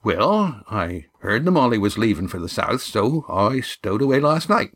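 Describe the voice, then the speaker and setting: A man reading a storybook, voicing a cheeky young lad who stowed away on a fishing boat and talks in a casual, rough way. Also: lowish voice, sing-song, normal speed, a bit bright.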